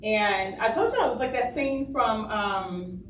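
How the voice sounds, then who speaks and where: A woman's voice: a little high, lively intonation, a little slow, fairly bright tone, a little hiss or hum. A woman from Chicago on a comedy podcast, talking casually and laughing often in an offhand way. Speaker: podcast co-host. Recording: roomy sound, mic at a distance.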